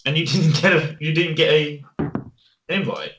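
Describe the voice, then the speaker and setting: A man, hosting a podcast, an excitable storyteller who swears freely. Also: on the high side, normal speed, noisy background. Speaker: podcast host. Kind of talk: casual podcast chat.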